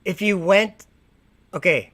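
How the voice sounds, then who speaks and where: A man's voice: sits high, slow, a bit bright, dry recording. A man hosting a casual livestream, reading viewer comments aloud and mocking and lecturing the people who wrote them. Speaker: livestream host.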